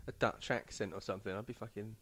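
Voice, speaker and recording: Low-pitched comedian co-host, man, drops short dry comments into the chat. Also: steady tone, quick pace, a crowd in the background. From England. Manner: brief dry interjections. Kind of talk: casual chat.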